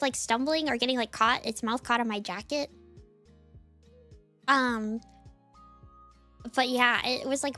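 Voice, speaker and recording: A young woman streamer chatting casually with her viewers, rambling with lots of filler words. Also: fairly high pitch. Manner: rambling, many "like" fillers, lively swings. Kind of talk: casual chat with chat readers.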